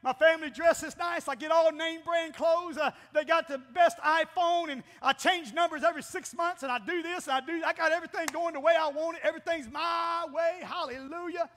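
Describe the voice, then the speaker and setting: High, bright-voiced preacher. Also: male voice, fairly quick, hardly any pauses. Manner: folksy, animated preaching with rising exclamations. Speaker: pastor. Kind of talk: Pentecostal sermon. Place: church sanctuary. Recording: long church-hall reverb.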